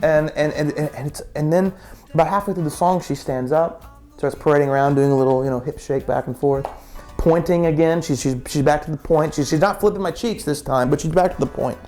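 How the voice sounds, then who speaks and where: A man's voice: fairly high pitch, a little fast, mellow, faint music behind. A man telling a story casually, with many restarts and repeated words.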